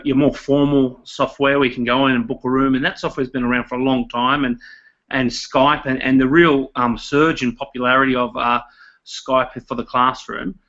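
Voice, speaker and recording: A man with an Australian accent, a primary school teacher talking casually as a guest over a video call, with many fillers and restarts. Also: medium pitch. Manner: relaxed, many fillers and repeated words. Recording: dull lo-fi video call audio.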